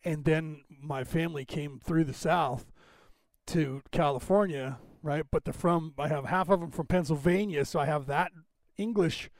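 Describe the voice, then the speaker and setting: Fiddling with the screen during his podcast livestream, a fifty-something man with a West Coast General American accent talks casually and rambles, thinking aloud as he goes. He speaks on the high side at a moderate pace, with no room sound.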